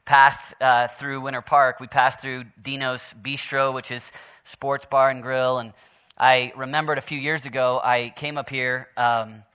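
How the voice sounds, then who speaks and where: A man's voice: medium pitch, flat delivery, measured pace, sharp tone, clear, resonant tone. A man from Oklahoma preaching a sermon at a men's conference, moving from joking stories to earnest prayer and scripture reading. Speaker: pastor.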